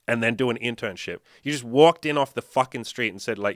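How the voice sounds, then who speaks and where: A man's voice: medium pitch, normal speed, dry recording, clean studio sound. A young man from Australia, a dating and self-improvement coach, telling a story in a casual, profane, emphatic way. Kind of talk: casual monologue to camera.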